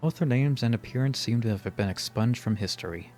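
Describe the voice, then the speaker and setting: A man doing a gruff old bug collector. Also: medium pitch, fairly quick, a little mellow, natural voice. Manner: grumbling, rough put-on accent. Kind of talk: reading game dialogue aloud.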